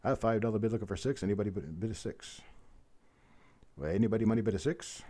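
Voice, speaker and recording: Fast and dark-toned, a man's lowish voice runs a live online coin auction. He calls the bids repeatedly and keeps up a friendly patter with bidders.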